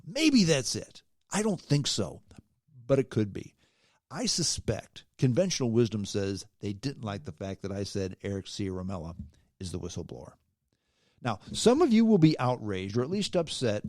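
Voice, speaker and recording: A man hosting a solo podcast, his pitch swinging widely as he drives his points home. His speech is emphatic and conversational, often closing a thought with a challenging "okay?". The sound is close and dry, with no room around it. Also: a little mellow, no echo. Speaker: podcast host. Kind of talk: solo podcast opinion rant.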